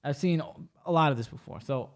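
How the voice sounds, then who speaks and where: Podcast host, man, fairly high voice, animated and foul-mouthed storyteller. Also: brisk. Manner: animated, acts out quoted dialogue with shifting voice; profane and blunt. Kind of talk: casual storytelling chat.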